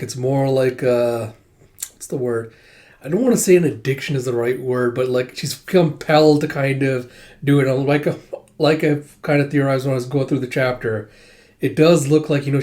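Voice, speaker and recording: A man's voice: mid-range voice, a little mellow. A man hosting a comic reaction channel, giving casual, rambling commentary full of fillers.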